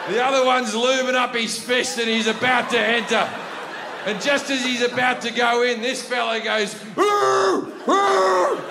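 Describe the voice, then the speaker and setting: High, profane Australian man on stage. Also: vocal fry, background noise. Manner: profane, storytelling, acts out other voices. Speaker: stand-up comedian. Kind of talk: stand-up comedy set. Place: large theater stage. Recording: echoey hall, live audience. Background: audience laughter.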